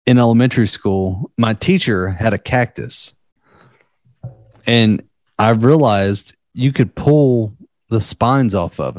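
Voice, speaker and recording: Low-voiced man chatting casually. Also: a little mellow, no echo, studio quality. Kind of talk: casual storytelling chat.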